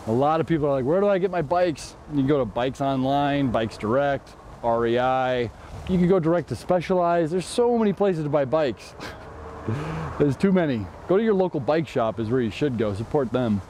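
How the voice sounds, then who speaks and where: On his own channel, a man from Chicago casually walks viewers through a custom bike build, chatty and joking with playful asides. His medium-pitched voice is animated and dark, at a moderate pace, with a little hiss or hum.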